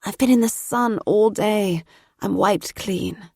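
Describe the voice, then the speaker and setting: A sleepy young woman in an audiobook, tipsy and enigmatic, lingering over each deliberate word, as a woman narrator voices her. The tone is dark and mellow, and the reading is close and dry. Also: mid-range voice, husky, dry recording, pitched above the performer's own voice. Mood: languid.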